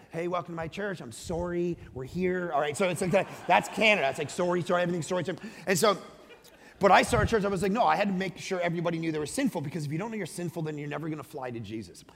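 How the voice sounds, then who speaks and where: A high-voiced male pastor preaching with a gravelly edge in his voice. He moves between punchy emphasis and quiet, confiding asides. The sound rings with the long reverb of a big hall. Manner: emphatic and conversational, swinging between loud and hushed. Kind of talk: sermon.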